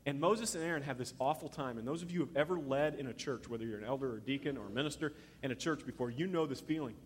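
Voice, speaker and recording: A man preaching a sermon as pastor, telling the story in an animated way and acting out the voices he quotes. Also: medium pitch, fast, in a large hall, slight background noise.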